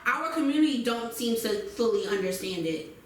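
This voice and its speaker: A woman's voice: on the high side, moderate pace, far from the mic, slight background noise. Easygoing woman in an echoey room. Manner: relaxed, laughing, backs up her co-host. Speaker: podcast co-host. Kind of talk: casual chat.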